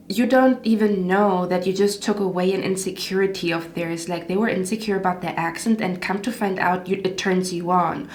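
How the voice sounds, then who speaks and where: A woman's voice: medium pitch, a little mellow, roomy sound, slight background noise. A woman giving a casual tarot reading, chatty and rambling, checking in often with the listener. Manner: chatty, lots of "okay?" and "like". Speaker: tarot reader.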